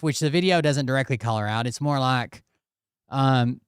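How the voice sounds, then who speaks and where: Profane, dry-voiced commentary ranter. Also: male voice, medium pitch, fairly quick, clear, resonant tone, no room sound. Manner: profane, repeats "okay?" and "blah, blah, blah". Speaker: commentary channel host. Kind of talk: casual ranting commentary.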